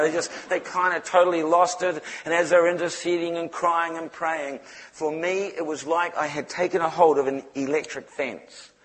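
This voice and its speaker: Kiwi preacher guy telling a funny testimony, fairly high voice, lively delivery. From New Zealand. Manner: animated, humorous storytelling. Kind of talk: testimony sermon.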